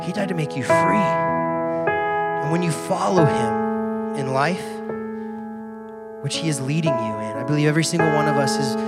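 A young adult man giving a casual, conversational youth sermon as a pastor. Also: fairly high pitch. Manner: casual, conversational preaching with fillers. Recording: loud piano music underneath. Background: soft piano music.

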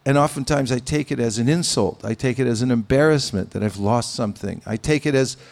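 Man, devotional sermon, gravelly voice, measured pauses, gentle humor. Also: medium pitch. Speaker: spiritual teacher. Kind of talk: sermon with anecdotes.

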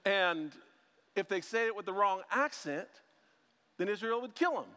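A man with a fairly high voice preaching to a church, talking casually and breaking in with jokes at his own expense. His voice rings out with a long reverb off the big sanctuary walls. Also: expressive, normal speed, bright, forceful tone, clear, resonant tone. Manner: joking, chatty, self-deprecating asides. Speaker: preacher and ministry school teacher. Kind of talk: casual conversational sermon.

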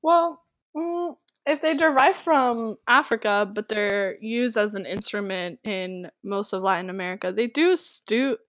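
A woman's voice: mid-range voice, measured pace, fairly bright tone, dry recording. A young woman co-hosting a casual discussion, talking emphatically with lots of "like" fillers. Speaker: co-host.

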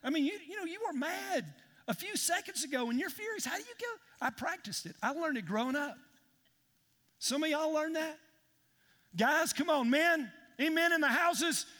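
A man's voice: very high-pitched, lively intonation, normal speed, sharp tone. A man preaching a sermon as pastor, emphatic and calling out to his congregation. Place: large church hall. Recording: long hall reverb in a church.

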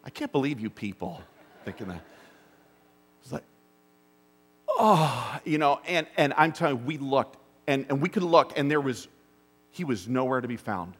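A middle-aged man preaching a sermon, telling a story that drops to hushed asides and rises to urgent bursts. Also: medium pitch, sing-song, normal speed, long pauses, slightly rough. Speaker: pastor. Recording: long hall reverb.

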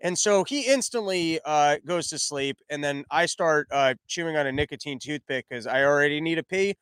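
A man's voice: fairly high pitch, moderate pace, fairly bright tone, clear, resonant tone, no echo. A man telling a rambling comic story, full of stammered restarts. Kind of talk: comedic storytelling monologue.

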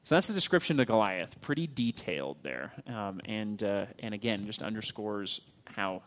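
A man teaching a casual Bible lesson, reading passages aloud and explaining them in a loose, conversational way, with fillers and phrase ends that drop off quietly. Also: on the low side, lively intonation, normal speed, a little hiss or hum.

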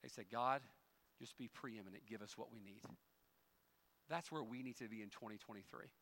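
A male pastor preaching a sermon, moving from quiet folksy storytelling with humorous asides to loud, rising emphasis. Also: fairly low pitch, normal speed.

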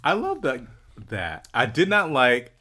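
A man co-hosting a podcast in casual chat, expressive and quick to laugh, sometimes mimicking voices. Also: medium pitch. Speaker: podcast co-host.

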